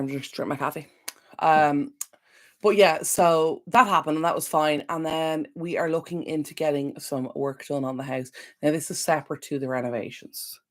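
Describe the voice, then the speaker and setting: Irish woman, low voice, chatty live-stream host, rambling and sympathetic to viewers. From Ireland. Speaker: decluttering channel host. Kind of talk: casual live-stream chat.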